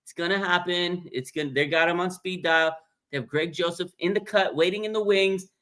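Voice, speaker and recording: This livestream host has a high, fairly bright voice and speaks a little quickly. Hosting a casual fan stream, he reads viewers' comments aloud and responds to them in a blunt, animated way.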